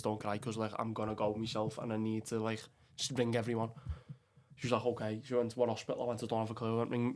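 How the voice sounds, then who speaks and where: With a fairly low pitch and a Liverpool Scouse accent, this young Englishman tells an emotional personal story bluntly on a podcast. He swears often and calls the listener "lad."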